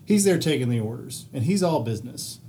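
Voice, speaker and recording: A man's voice: medium pitch, a little fast, a little hiss or hum. A man co-hosting a podcast, telling a story casually with plenty of swearing. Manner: profane, animated anecdote-telling with quoted voices. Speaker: podcast co-host.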